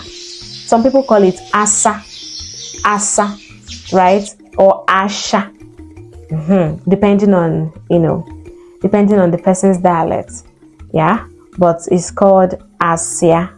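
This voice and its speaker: A woman, an Igbo speaker, teaching vocabulary and slowly repeating each word for learners to copy. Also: medium pitch, fairly even intonation, soft background music. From Nigeria. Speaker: language teacher. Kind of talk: vocabulary lesson.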